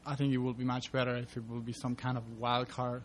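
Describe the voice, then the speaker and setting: Male audience member, flat monotone, hesitant, slight room noise. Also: medium pitch, fast. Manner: hesitant, many uh fillers, loose grammar. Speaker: consultant in the audience. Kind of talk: asking questions at a public meeting.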